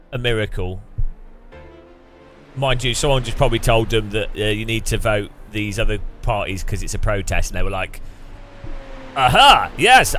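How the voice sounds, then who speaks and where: A man's voice: lowish voice, a bit bright. An English man streaming a racing game, chatting casually in a joking, sarcastic way and laughing often. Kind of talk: casual chat while sim racing.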